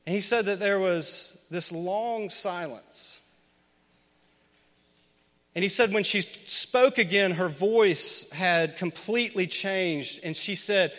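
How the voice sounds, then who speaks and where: Male pastor, high and bright voice, earnest storyteller, preaching in a hall with long reverb. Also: slow pace, long pauses. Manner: conversational, earnest, builds to emphatic points. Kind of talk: storytelling sermon.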